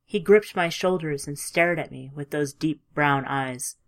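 A woman reading a first-person story aloud in a measured, emotive way, dropping at times to a hush. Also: deep voice. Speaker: audiobook narrator. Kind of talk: scripted audiobook narration.

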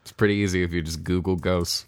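A man's voice: low-pitched, fairly even intonation, quick pace, smooth, dry recording. A man hosting a podcast in casual chat, dry and sarcastic, steering the talk. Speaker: podcast host.

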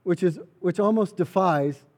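A man's voice: high-pitched, moderate pace, darkish tone. A man preaching a sermon, earnest and emphatic, repeating key phrases for weight. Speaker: pastor.

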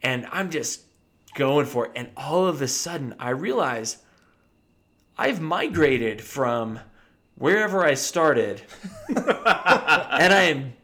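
A dentist telling a funny story from his practice in a casual chat, animated and often laughing. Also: a little high, slow, pauses often. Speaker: podcast co-host.

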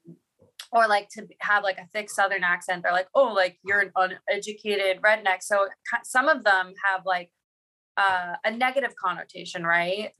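A woman's voice: mid-range voice, moderate pace, pushed and bright. A woman from Boston, a guest on a casual podcast, who talks in a rambling way with many filler words.

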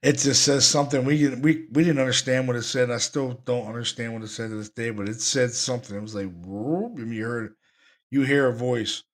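An enthusiastic man hosts a paranormal podcast. His pitch sits mid-range for a man, and his delivery is lively and repetitive. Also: fairly quick. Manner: excited, enthusiastic, repeats himself. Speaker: podcast host, paranormal investigator. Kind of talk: podcast talk about recordings.

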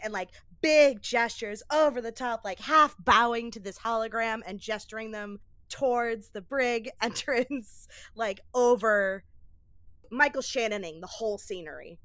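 A woman's voice: fairly high pitch, measured pace, fairly bright tone, clean tone, no room sound, clean studio sound. A woman playing a tabletop game, describing her character's actions animatedly with many fillers. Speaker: player.

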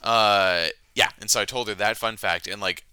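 A man co-hosting a casual podcast, telling behind-the-scenes stories and getting animated when he quotes people. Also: fairly low pitch, normal speed, smooth, dry recording. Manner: storytelling, animated when quoting others. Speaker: podcast co-host. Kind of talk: casual movie chat.

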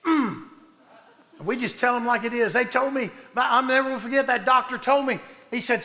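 A man, a pastor preaching a sermon in loud excited bursts that drop low and soft. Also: normal speed. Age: 60s. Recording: long hall reverb.

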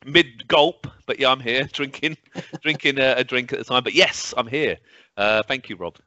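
A man's voice: medium pitch, moderate pace, sharp tone, dry recording. A male teacher co-hosting a podcast over a video call, chatty and self-mocking. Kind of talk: casual chat. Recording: dull video call audio.

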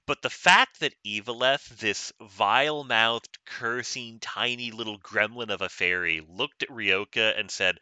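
Wry man with a bright, dry voice. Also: on the low side, no room sound. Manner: wry, joking, quick asides. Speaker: podcast co-host. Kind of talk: casual book discussion.

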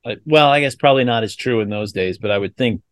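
A man's voice: medium pitch, fast talker, no room sound. Wry, joking podcast co-host, a man. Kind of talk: casual chat.

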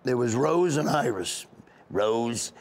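A male stand-up comedian, guest on an interview, telling stories in an animated way and laughing often. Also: mid-range voice. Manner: laughs often, excited, quick bursts. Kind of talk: animated storytelling.

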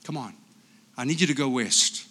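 A man's voice: medium pitch, moderate pace, pushed and bright, pitched below the performer's own voice. A man voicing God as a firm, insistent commanding presence in a sermon. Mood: urging. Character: God, a firm, urging divine voice.

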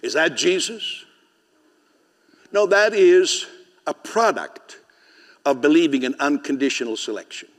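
A man's voice: a little high, lively intonation, measured pace, pauses often, in a large hall. A man preaching a sermon as pastor, speaking conversationally, often asking the congregation questions and laughing. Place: church sanctuary.

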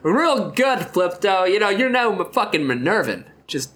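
A man's voice: high-pitched, big pitch swings, normal speed, fairly bright tone. A man voicing a smug, patronizing human hero in a comic reading of a gamebook. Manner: condescending, bossy.

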